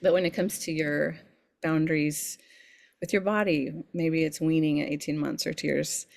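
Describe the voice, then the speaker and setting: A woman's voice: low voice, fairly even intonation, moderate pace, vocal fry. A woman sleep coach as a podcast guest, speaking earnestly and emphatically, often repeating words as she thinks. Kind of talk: podcast interview.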